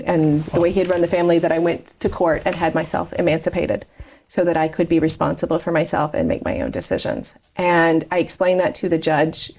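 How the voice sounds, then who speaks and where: A woman's voice: fairly low pitch, darkish tone. Chatty, candid woman in her forties. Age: 40s. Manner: chatty, candid, laughs often while talking. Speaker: interview guest. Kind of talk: personal life story in conversation.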